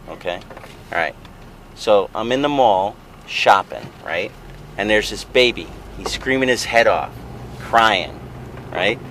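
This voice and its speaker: A father tells a mock-serious tall tale, loudly wailing like a baby as he goes. His voice is bright and forceful, sits on the low side, and has faint noise behind it. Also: low-quality recording. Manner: keeps insisting it's true, laughs often, tags lines with "right?"; loudly mimics baby wails. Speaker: father telling a made-up story.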